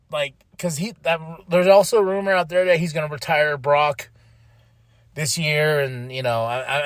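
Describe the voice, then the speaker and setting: A man hosting a podcast, excitedly recapping a wrestling show in casual chat, laughing and swearing freely. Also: medium pitch, no room sound. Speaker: podcast host.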